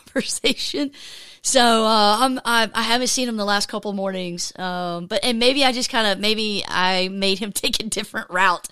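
A woman's voice: on the high side, a bit bright, clear, resonant tone, dry recording, studio quality. A middle-aged woman hosting a podcast, telling a story in a casual, self-mocking way with lots of fillers. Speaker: podcast host.

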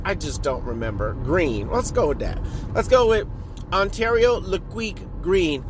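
A man's voice: high voice, background noise. Joking man rambling in a car. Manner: rambling, playful, crude humor. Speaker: podcast host. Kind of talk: casual joking monologue.

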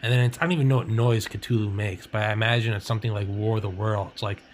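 A man's voice: fairly low pitch, steady tone, quick pace, a little hiss or hum. Rambling, profane man on a podcast. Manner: rambling, profane, laughs often. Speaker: podcast host. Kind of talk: casual chat.

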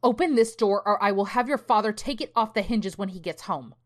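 A woman voicing an angry, frightened middle-aged mother who is sharp and demanding in a horror story. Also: medium pitch, fairly quick, pitched above the performer's own voice, close to an everyday voice. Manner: sharp, demanding, later pleading.

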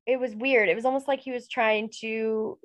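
A woman's voice: fairly high pitch, steady tone, normal speed, no room sound. A young adult woman co-hosting a casual podcast, chatty and full of "like" and "um". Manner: chatty, filler-heavy with frequent "like". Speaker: podcast co-host. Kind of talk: casual chat.

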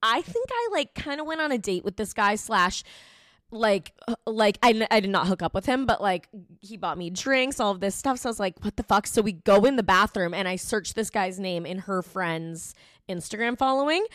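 A young woman co-hosting a podcast, telling a story in casual chat, swearing freely and getting louder when she is animated. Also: mid-range voice, moderate pace, dry recording, clean studio sound. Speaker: podcast co-host.

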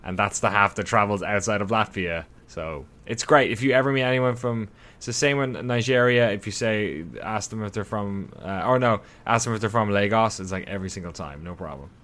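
A man's voice: lowish voice, a little fast, hardly any pauses, fairly bright tone. A man co-hosting a casual podcast, joking and teasing his co-host. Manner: jokey, teasing banter. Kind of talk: casual chat.

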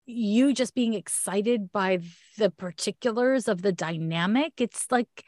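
A woman's voice: mid-range voice, unhurried, a little mellow, no echo. Canadian lady astrologer, chatty and blunt, dry close sound. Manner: chatty, frank, laughs often. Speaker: astrologer giving a reading. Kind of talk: casual one-on-one reading.

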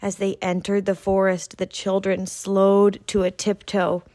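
A woman reading a children's picture book aloud in an expressive storytelling voice. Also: mid-range voice, unhurried. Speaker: reader.

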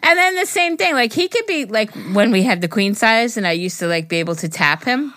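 A woman's voice: a little high, fairly quick, dry recording, studio quality. A woman co-hosting a podcast, chatting casually and acting out quotes as she tells stories, swearing freely. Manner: animated storyteller, swears freely, acts out quotes. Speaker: podcast co-host. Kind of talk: casual chat.

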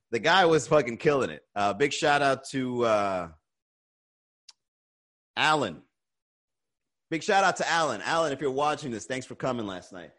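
Reading viewer comments on his live-streamed comedy podcast, this man talks casually in a medium-pitched, fairly bright voice. He laughs often, with swearing and rants in between.

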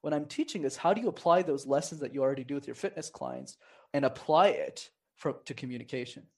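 A man's voice: a little high, fast. A man guest on a podcast, giving casual advice on conversation and acting out voices of people he quotes. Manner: animated, acts out quoted voices. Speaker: podcast guest, communication coach.

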